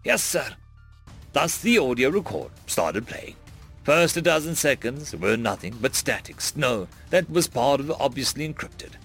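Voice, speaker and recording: A man narrating fan-written stories aloud in an expressive storytelling manner. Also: medium pitch, normal speed, slightly rough, faint music behind.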